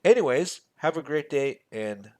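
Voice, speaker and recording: A man hosting a finance channel, walking through a spreadsheet in a casual way, with joking, sarcastic asides and big swings between loud and quiet. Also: a little high, expressive, a little slow.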